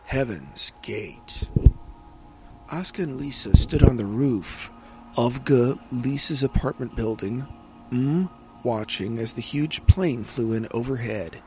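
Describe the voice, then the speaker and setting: A man narrating fan fiction aloud in an earnest, slow reading with small slips. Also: mid-range voice, music in the background. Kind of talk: amateur audiobook narration.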